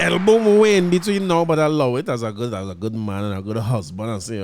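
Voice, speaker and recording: Animated Trinidadian man telling a story. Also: a little high, fast talker, hardly any pauses, a faint crowd, a little hiss or hum. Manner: animated, laughing, acts out quoted voices. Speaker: podcast host. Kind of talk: casual storytelling monologue.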